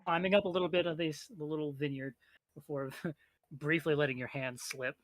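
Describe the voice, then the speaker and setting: A man's voice: a little high, steady tone, brisk. A man from the Midwest, running a tabletop game as game master, teasing his players, swearing freely and laughing often.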